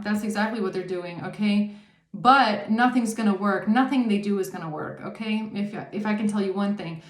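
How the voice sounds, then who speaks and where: A woman's voice: medium pitch, echoey room. A woman giving a casual tarot reading, talking emphatically, swearing often and checking in with the listener. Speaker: tarot reader.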